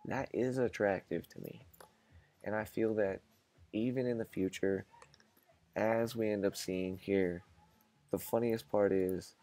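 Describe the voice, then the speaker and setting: Gravelly low-voiced man vlogging. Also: unhurried, pauses often, warm tone. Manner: musing, asks rhetorical questions. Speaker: vlog host. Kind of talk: casual monologue to camera.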